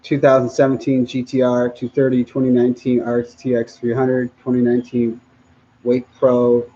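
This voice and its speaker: A man hosting a casual livestream, reading viewer comments aloud in a relaxed way, often laughing and trailing off mid-sentence. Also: mid-range voice, normal speed, slightly rough, lo-fi sound.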